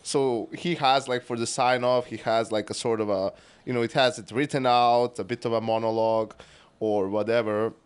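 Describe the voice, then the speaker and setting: A male podcast co-host with a middle-pitched voice chats casually. His delivery is flat and monotone, broken up by frequent laughs. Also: moderate pace, clear, resonant tone.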